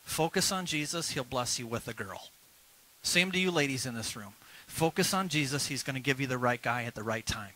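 A male pastor preaching a lively sermon at a church service, urging the congregation to repeat phrases after him. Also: mid-range voice, fairly quick, poor audio.

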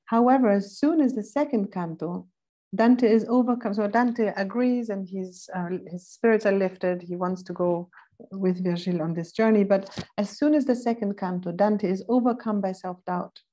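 A woman with a mellow, darker tone leads a philosophy seminar. She lectures thoughtfully, stopping now and then to hunt for a verse, and slows down to read passages with care. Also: medium pitch. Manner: thoughtful, pauses to look up verse numbers; reads quoted passages slowly and deliberately. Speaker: seminar instructor.

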